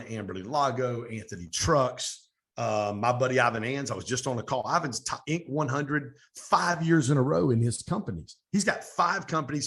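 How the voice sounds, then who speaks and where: Energetic middle-aged man telling stories. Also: medium pitch. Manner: energetic, fast storytelling with animated quoted dialogue. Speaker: podcast guest, coach. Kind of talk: storytelling interview.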